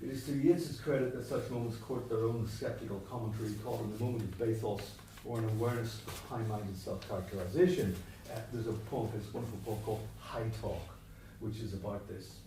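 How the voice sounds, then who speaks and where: A man's voice: fairly low pitch, steady tone, brisk, background noise. A man giving an academic lecture on poetry, thinking aloud with asides and restarts. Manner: discursive, self-interrupting, with asides. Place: church hall. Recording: distant mic, echoey church hall.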